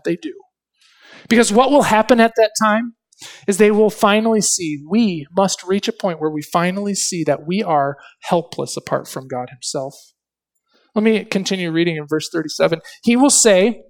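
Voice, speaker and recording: A male preacher giving an expository sermon, asking rhetorical questions and reading scripture with dramatic emphasis. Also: sits high.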